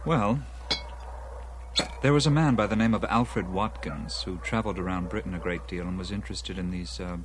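An enthusiastic man lecturing over dinner, as an actor plays him, his voice sitting a bit low. He builds his points eagerly and keeps talking through mouthfuls. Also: normal speed, background noise, close to an everyday voice. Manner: eager lecturing, talks while eating. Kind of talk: film dialogue.

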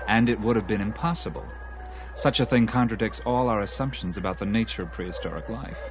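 A man's voice: lowish voice, fairly quick, music in the background, natural voice, poor audio. A man playing an eager dinner guest, lecturing. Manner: eager lecturing, talks while eating. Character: enthusiastic man lecturing on ancient mysteries. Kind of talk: film dialogue.

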